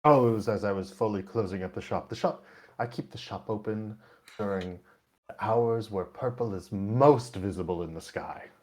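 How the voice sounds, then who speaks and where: A man's voice: fairly low pitch, moderate pace, darkish tone, natural voice. A man voicing an eccentric old male shopkeeper who loves the colour purple and speaks in a genteel, haggling manner. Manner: genteel, haggling, pipe-puffing.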